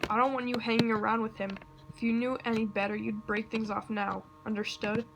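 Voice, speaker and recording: A drunk, menacing middle-aged father, read by a woman in her own slightly high voice. The take is a home reading with audible background hiss and computer clicks. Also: flat delivery, moderate pace, natural voice.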